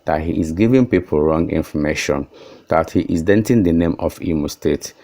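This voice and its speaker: A man's voice: extremely low pitch, normal speed, dark tone. A man presenting a news voice-over in a matter-of-fact way.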